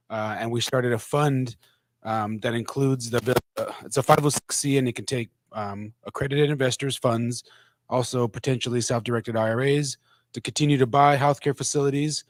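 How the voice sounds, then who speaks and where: A man introducing his healthcare investment fund at a networking meetup, measured and businesslike. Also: mid-range voice, no echo.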